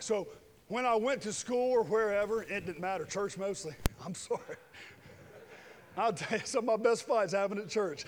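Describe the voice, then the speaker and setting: Middle-aged male preacher, high-pitched, shifting between loud preaching and quiet jokes, with reverb from the church hall. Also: normal speed. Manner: swings from shouted preaching to quiet joking asides. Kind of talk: sermon with personal stories. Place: church sanctuary with long reverb.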